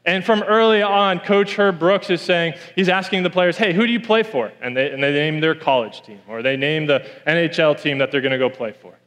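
A man's voice: on the high side, brisk, hardly any pauses, a bit bright, long reverb tail. A man preaching a sermon in a church, telling a story and repeating key lines for emphasis.

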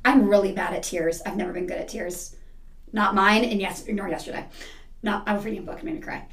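A woman who teaches second grade, telling stories in a quick, animated way during a casual interview. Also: medium pitch.

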